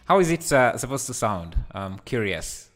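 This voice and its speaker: A man hosting a live software tutorial, hesitant and full of fillers, laughing easily as he reads the chat. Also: mid-range voice, big pitch swings, normal speed, soft background music. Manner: hesitant, many fillers and restarts. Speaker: livestreaming 3D tutor. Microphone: headset.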